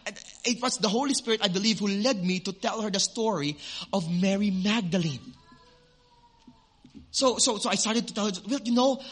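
A man preaching a sermon, telling a personal story with animated swings from loud to hushed, then preaching earnestly. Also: sits high. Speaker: pastor.

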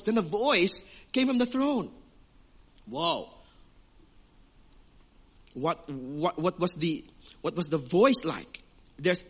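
A man's voice: high-pitched, a bit bright. A man preaching a sermon as pastor, emphatic, with rhetorical questions.

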